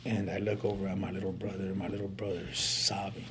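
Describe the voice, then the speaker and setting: This man's fairly low voice is fast, a bit bright, and shows little pitch movement as he sincerely recounts his life. Street slang fills his casual speech, he stumbles and restarts now and then, and faint hiss sits under it all.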